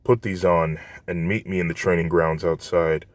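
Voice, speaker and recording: A man voicing a tired, deadpan male teacher. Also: sits low, moderate pace, no room sound, lightly acted.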